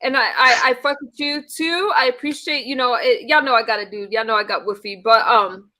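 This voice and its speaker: Woman, high bright voice, live-stream host, playful, peacemaking, casual chat. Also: fairly quick.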